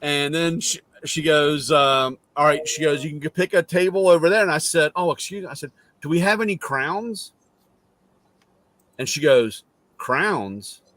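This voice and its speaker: A man hosting a casual chat, telling a long story in a wry, deadpan way and acting out both sides of the dialogue. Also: fairly high pitch, normal speed. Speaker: host.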